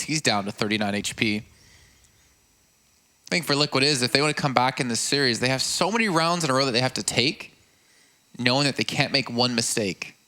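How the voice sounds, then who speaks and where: A man commentating live on an esports match in a measured, analytical way. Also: mid-range voice, pushed and bright.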